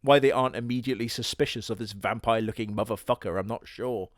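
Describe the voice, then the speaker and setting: A man doing comedic anime review narration in a sarcastic, crude, deadpan manner. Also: medium pitch, fast talker, faint music behind. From Britain.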